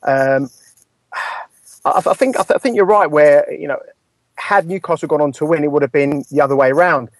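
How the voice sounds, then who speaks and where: A man with a fairly high voice weighs his words carefully, hedging as he gives his view. The sound is dry and close, with little room in it. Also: normal speed, long pauses, no echo. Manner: thoughtful, hedging. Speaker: football pundit, Manchester United fan. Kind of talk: casual podcast discussion.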